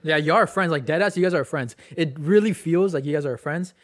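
A man's voice: fairly high pitch, brisk. Slangy young man co-hosting. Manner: slangy, hyped, leads topics. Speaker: podcast co-host. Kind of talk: casual chat.

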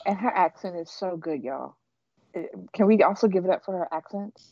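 A woman's voice: lowish voice, lively intonation, brisk, warm tone, dry recording. A woman co-hosting a casual TV recap podcast, who rambles with many fillers and restarts. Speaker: podcast co-host. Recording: dull lo-fi podcast audio.

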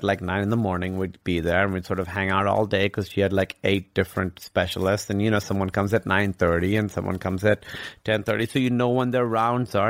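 A man's voice: lowish voice, no room sound, clean studio sound. A man candidly telling a personal story as a guest in a conversation, rambling and swearing casually.

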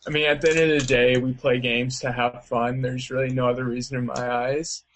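A man chatting casually in an interview, his talk loose and rambling, full of likes and ums. His voice sits at an ordinary middle pitch. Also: flat delivery, brisk, a bit bright. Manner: loose, rambling, heavy on fillers. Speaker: interviewee, video game player.

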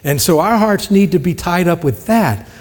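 A man's voice: sits high, animated, normal speed, a little mellow, big-room sound. A man preaching a sermon in a conversational way, often asking the congregation questions. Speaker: pastor.

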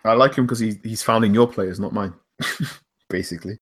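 Low-voiced man chatting football. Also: moderate pace, a bit bright. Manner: opinionated, names hero and villain of the week. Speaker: podcast co-host. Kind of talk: casual football podcast chat.

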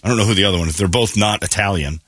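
A man's voice: lowish voice, very fast, a bit bright, dry recording, studio quality. A man hosting a morning radio show, chatting casually and slipping into mocking quoted voices.

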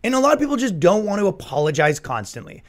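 A man hosting a podcast, telling stories in a rambling, animated casual monologue with frequent laughs. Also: high voice, quick pace. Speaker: podcast host.

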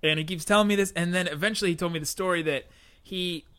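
Bright-voiced man telling stories. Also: high voice, fast, clear, resonant tone. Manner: animated storyteller, laughs often. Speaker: podcast host. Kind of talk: casual podcast chat.

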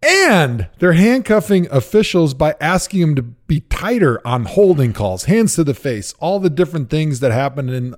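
A man's voice: a little high, normal speed, few pauses. A man in his thirties co-hosting a sports podcast, telling stories and giving opinions with frequent laughter. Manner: animated storyteller, laughs often. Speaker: podcast co-host, former pro football player. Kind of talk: casual chat.

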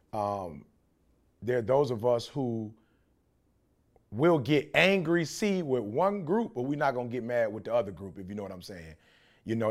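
A middle-aged man from Detroit, a podcast co-host talking in a passionate, preachy way. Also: fairly low pitch. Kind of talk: casual podcast chat.

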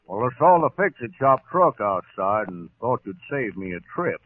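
A man's voice: on the low side, big pitch swings, normal speed. An actor playing a joking, folksy male dog veterinarian in a 1940s radio comedy. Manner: punning, folksy. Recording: tinny old radio broadcast.

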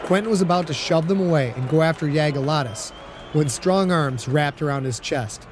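A man narrates an audiobook with a steady storytelling delivery. His voice sits slightly higher than most men's, and a faint hum of noise lies under the recording. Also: moderate pace, a crowd in the background.

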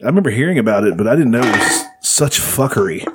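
A man's voice: mid-range voice, very animated, fast talker, music in the background. A man casually retelling a story to friends, rambling with lots of fillers and swearing. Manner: rambling, profane, filler-heavy.

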